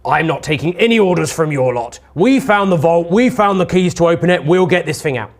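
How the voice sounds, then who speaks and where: A game master voicing a gruff, weary male bandit leader who speaks loudly. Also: medium pitch, expressive, a little fast, voice pushed up, lightly acted. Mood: defiant.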